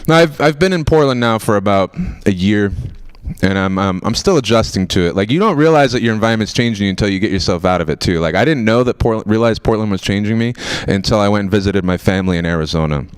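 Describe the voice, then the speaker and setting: A young man from Florida doing a stand-up set, rambling and self-mocking, now and then bursting into loud mock outrage. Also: fairly low pitch, expressive, fast talker, clean tone. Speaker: stand-up comedian. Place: TV studio stage with a live audience.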